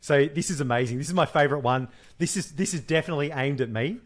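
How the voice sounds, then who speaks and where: A man's voice: on the high side, fast talker. A young man co-hosting a podcast, chatting casually and joking with frequent laughter. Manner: laughs often, animated joking storyteller. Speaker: podcast co-host. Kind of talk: casual chat.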